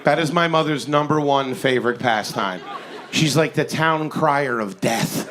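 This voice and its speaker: A man in his forties performing a stand-up comedy set on stage, with an animated, incredulous, ranting delivery. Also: medium pitch, a little slow, a crowd in the background. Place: comedy stage before a live audience.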